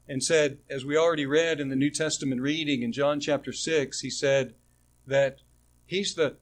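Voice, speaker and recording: A man preaching a sermon in a conversational way, asking the congregation rhetorical questions and restarting phrases as he goes. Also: a little high. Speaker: pastor.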